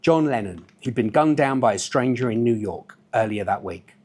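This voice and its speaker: Husky man reading his novel aloud. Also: medium pitch, moderate pace. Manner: relaxed, with offhand asides.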